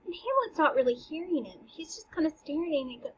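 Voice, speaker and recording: A woman's voice: high voice, big pitch swings, fairly quick, highs cut off. A woman teacher explaining a classic play in a casual, chatty way, slipping into slang as she paraphrases. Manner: chatty, slangy paraphrasing with dramatic read-aloud. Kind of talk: casual literature lesson.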